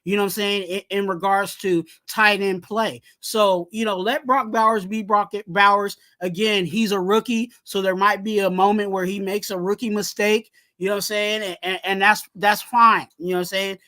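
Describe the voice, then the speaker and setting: A man hosting a casual sports podcast who talks in an animated way, leans on "you know what I'm saying", and breaks into shouted rants. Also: high-pitched, moderate pace, few pauses. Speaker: podcast host.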